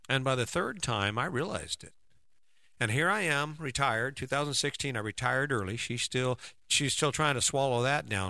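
A man's voice: medium pitch, pushed and bright, no room sound. A middle-aged man giving a conversational motivational talk as a relationship coach, often checking in with "right?". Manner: conversational, keeps asking "right?".

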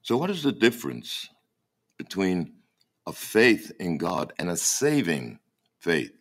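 A man with a very deep, low-pitched voice delivers a sermon from the pulpit. He speaks emphatically, often stumbling and repeating words as he searches for the next thought. A dry, mocking humour runs through his preaching. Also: big pitch swings, slow pace, a bit bright. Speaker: pastor.

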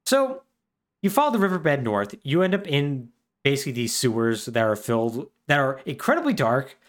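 A man's voice: mid-range voice, very animated, normal speed. A man co-hosting a podcast, recapping a game plot in a chatty, wry way with lots of fillers. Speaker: podcast co-host.

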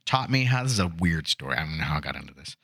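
A man's voice: extremely low pitch, very animated, rapid-fire, bright, forceful tone, breathy edge, no echo, clean studio sound. A middle-aged man co-hosting a podcast, joking around and telling stories in a casual chat. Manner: joking, storytelling. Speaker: podcast co-host.

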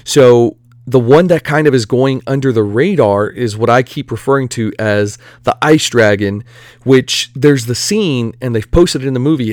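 A man giving casual, rambling commentary on superhero movies, excitable and full of asides and fillers. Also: medium pitch, dry recording, studio quality.

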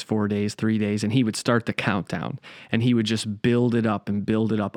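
Earnest low-voiced pastor telling a story. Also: male voice, clear, resonant tone, dry recording, clean studio sound. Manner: reflective, earnest, with frequent fillers. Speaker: pastor and podcast host. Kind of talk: personal storytelling podcast.

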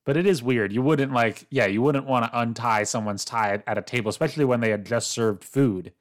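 A man's voice: medium pitch, brisk. Laughing, joking male podcast co-host. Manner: laughs often, loose and joking. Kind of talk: casual chat.

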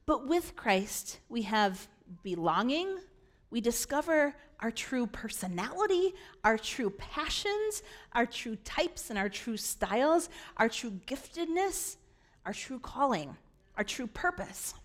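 A woman pastor giving a sermon, animated and acting out voices of scripture figures. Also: a little high, slow. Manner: animated preaching that acts out dialogue.

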